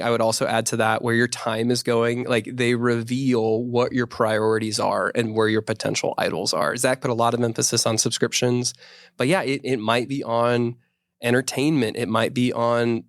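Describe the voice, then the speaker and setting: A man's voice: mid-range voice, no room sound, studio quality. A man co-hosting a casual podcast discussion, talking in a rambling way with many restarts. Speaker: podcast co-host.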